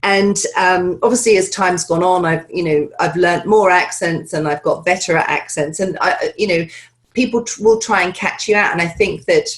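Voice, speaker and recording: A woman coaching actors on accents talks through listener questions in an interview. Her speech is lively and chatty, jumping up in pitch and breaking into laughs. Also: normal speed.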